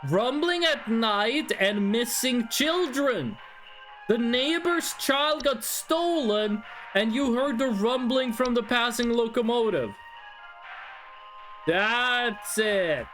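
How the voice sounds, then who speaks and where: A streamer giving live game commentary, thinking aloud and swearing in an animated way. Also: mid-range voice, slow, soft background music.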